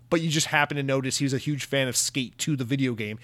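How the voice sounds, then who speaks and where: A young man giving a sarcastic, profane rant as a gaming commentator, mocking companies with quick impressions. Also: mid-range voice, fairly bright tone, no room sound. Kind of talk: ranting video commentary.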